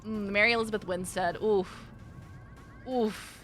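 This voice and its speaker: A woman's voice: mid-range voice, fairly even intonation, unhurried, a bit bright, soft background music. A woman game streamer chatting playfully with her chat as she plays, giggling often. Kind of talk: casual live-stream chat while playing.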